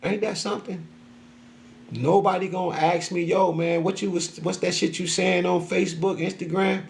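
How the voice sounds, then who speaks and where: A man's voice: sits high, flat delivery, normal speed, gravelly, a little hiss or hum. A middle-aged man venting in a casual, profane monologue, often acting out what other people said to him. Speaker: social media creator.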